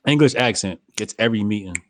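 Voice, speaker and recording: A man co-hosting a podcast in casual chat, animated and quick to laugh loudly. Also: fairly low pitch, dry recording, clean studio sound. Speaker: podcast co-host.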